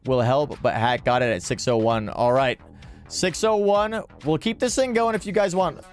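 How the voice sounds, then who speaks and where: A man with a slightly high voice hosts a livestream, running a charity-style auction at normal speed. He calls out bids with rhythmic, repeated phrases and upbeat chatter, with music playing faintly in the background.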